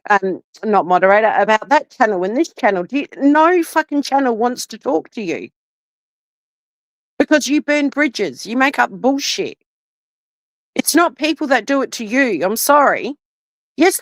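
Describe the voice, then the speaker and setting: A woman's voice: on the high side, no echo. Furious swearing woman, dry close sound. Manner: furious, swearing constantly, repeating demands. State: shaking with anger. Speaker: live streamer. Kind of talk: angry livestream rant.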